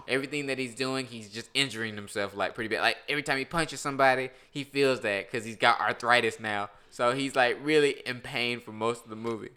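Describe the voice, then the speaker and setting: A man in casual chat, rambling and laughing as he pitches ideas, often slipping into mock voices. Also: fairly quick, hardly any pauses, pushed and bright, smooth.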